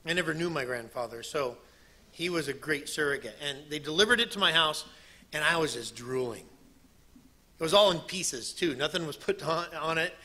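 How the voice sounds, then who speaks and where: A man who preaches a sermon, telling a personal story in an animated way and acting out what people said. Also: a little high, moderate pace. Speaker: preacher and missionary.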